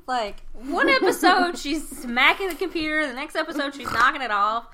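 A woman's voice: high voice, animated, moderate pace, pushed and bright, a little hiss or hum. A young woman co-hosting a podcast, chatting casually and rambling through a retelling of a TV episode. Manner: rambling, retells scenes with quoted voices. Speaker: podcast co-host. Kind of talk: casual chat recapping a TV episode.

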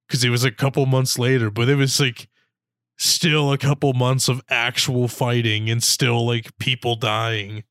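A man chatting casually about a film, rambling and mock-quoting the characters. His voice is smooth and clear, recorded dry and close. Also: mid-range voice, little pitch movement, normal speed, fairly bright tone, no echo. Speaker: podcast co-host. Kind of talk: casual chat reviewing a movie.

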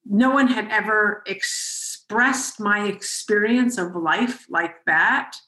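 A woman podcast host telling a story in an animated way, with frequent restarts. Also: mid-range voice, slow, roomy sound, poor audio. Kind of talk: conversational storytelling.

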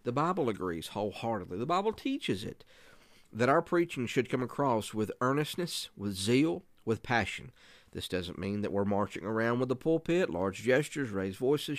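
A man's voice: on the low side, no echo. Earnest male preacher, dry close sound. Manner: earnest, emphatic. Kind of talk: preaching instruction.

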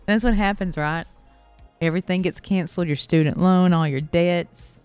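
A woman co-hosting a comedy talk stream, trading irreverent jokes in a dry, deadpan way. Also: on the low side, moderate pace, clean tone, no echo, soft background music. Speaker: co-host. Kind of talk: casual comedic banter.

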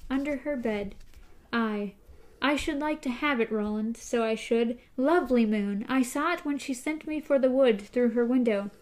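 A woman's voice: fairly high pitch, moderate pace, darkish tone, lightly acted. A woman reading a dreamy entranced girl. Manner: sing-song, lilting. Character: young girl in a dreamy trance.

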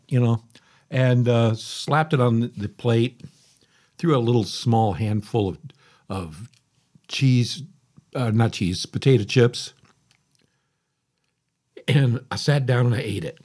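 A middle-aged podcast host with a medium-pitched, somewhat mellow voice tells a rambling, folksy story. It's a casual monologue, and he frequently interrupts himself.

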